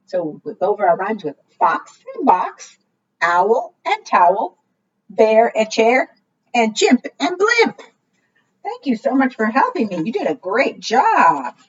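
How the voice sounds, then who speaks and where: A woman librarian leading a preschool storytime, reading aloud and gently encouraging the children. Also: mid-range voice, husky. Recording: dull distant recording.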